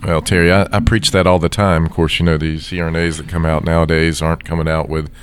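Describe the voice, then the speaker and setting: Very deep-voiced podcast host. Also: male voice, level tone, quick pace, a little hiss or hum. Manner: affable, conversational, asks questions. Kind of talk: casual interview chat.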